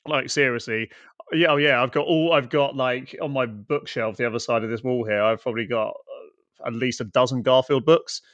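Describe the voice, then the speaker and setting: A relaxed man co-hosts a casual podcast chat, joking and swearing easily. His voice comes through slightly muffled and lo-fi. The recording is dry and close, with no room sound. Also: mid-range voice, normal speed, no room sound. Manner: laid-back, laughs and swears often. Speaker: podcast co-host. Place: home room.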